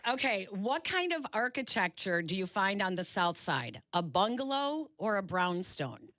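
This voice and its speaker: Sports radio host, woman, brisk playful quizmaster, dry close studio sound. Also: mid-range voice, very animated, fairly bright tone, dry recording. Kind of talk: casual sports talk interview.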